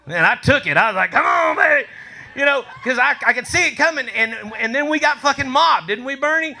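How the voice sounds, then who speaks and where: A man telling a profane, animated story on a comedy club stage, swearing and laughing through his lines. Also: very high-pitched, a little fast, creaky.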